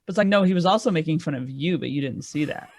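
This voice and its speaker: A woman's voice: deep voice, animated, very fast, darkish tone, no echo, studio quality. A woman comedian talking casually on a comedy panel, rambling with lots of "like" fillers. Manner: rambling, chatty, frequent "like" fillers. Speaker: comedian guest.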